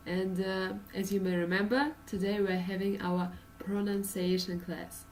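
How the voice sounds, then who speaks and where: A woman's voice: mid-range voice, fairly even intonation, unhurried, darkish tone, distant mic, a little hiss or hum, poor audio. A woman from Russia with a Russian accent, teaching an English pronunciation lesson with many uh and um fillers and patient explanations.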